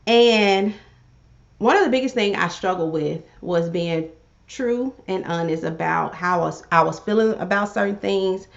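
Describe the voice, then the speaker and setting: A woman talking casually on a livestream, an animated life coach who repeats phrases and calls on her viewers directly. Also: mid-range voice, unhurried, vocal fry. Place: home room she calls her pink cave. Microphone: livestream setup. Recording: slightly dull livestream audio.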